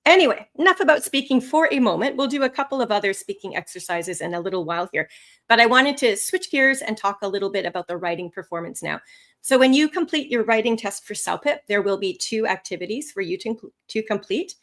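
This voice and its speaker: Teaching English test skills in a live webinar, this female instructor speaks at a brisk clip in a mid-range voice, her intonation lively as it rises and falls.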